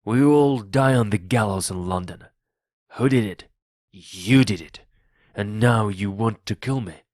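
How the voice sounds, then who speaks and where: A man voicing a cunning old male pirate captain who reads his lines loudly and commandingly in a read-aloud audiobook. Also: fairly low pitch, slow, dry recording, studio quality. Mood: angry. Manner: loud, commanding and threatening.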